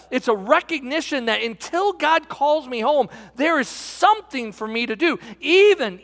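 A man's voice: high voice, fairly bright tone, in a large hall. A middle-aged man pastor preaching a sermon, telling a folksy personal story and calling his listeners friends.

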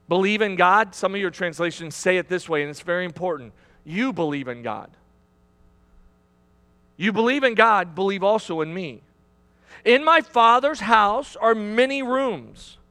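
A man preaching in a church sanctuary, his voice sitting very high for a man. He pushes his points with emphatic repetition and restarts, and the sound rings with a long hall reverb. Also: bright, forceful tone. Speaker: pastor. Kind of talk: sermon.

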